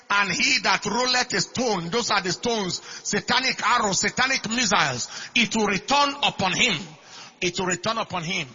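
High, bright male preacher, husky, lo-fi. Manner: swings from quiet to shouted declarations; repeats phrases for emphasis. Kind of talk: sermon. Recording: dull lo-fi recording.

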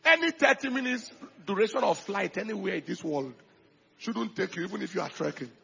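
A male pastor preaching a sermon, swinging from quiet asides to loud emphatic bursts and acting out the people he quotes. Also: high-pitched, animated, fairly quick, creaky, slightly rough, muffled recording.

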